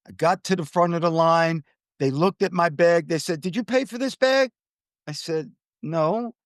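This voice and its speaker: An older man telling a travel story in casual chat, animated, acting out the people he quotes. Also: no echo, studio quality. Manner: animated, acts out quoted people with jumps in pitch.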